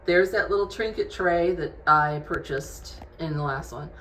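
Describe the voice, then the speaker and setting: A woman walks viewers through her newly decorated bedroom, chatting in a homey way about each piece she found. Her voice sits a touch low. The bedroom gives a noticeable echo, with a faint hum of background noise behind her. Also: unhurried, a bit bright. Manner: chatty, homey, shows items one by one. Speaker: home decor vlogger. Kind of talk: casual room tour vlog. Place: bedroom at home. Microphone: camera on tripod.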